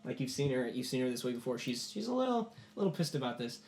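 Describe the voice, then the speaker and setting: A man's voice: medium pitch, very animated, quick pace, darkish tone, echoey room. A man narrating a tabletop game as game master, rambling loosely with many fillers.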